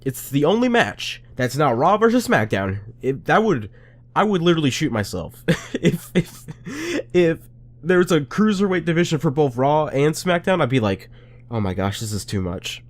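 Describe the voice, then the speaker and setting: A man's voice: fairly high pitch, very animated, normal speed. A man giving a casual, rambling and sarcastic review rant, full of restarts. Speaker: wrestling reviewer.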